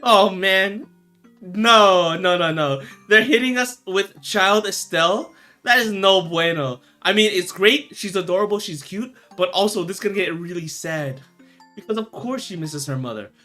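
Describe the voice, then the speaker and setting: A man's voice: high voice, normal speed, sharp tone, soft background music. A young man streaming a game, reacting emotionally, stammering and swearing as he comments. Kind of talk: let's play commentary.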